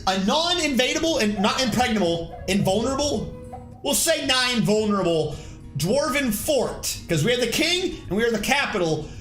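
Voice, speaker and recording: A man with a high, lively voice that swings widely in pitch, talking through a game stream in a loose, rambling way. He reacts aloud and answers his chat. The sound is roomy and echoey, with faint music underneath. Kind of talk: casual live-stream commentary.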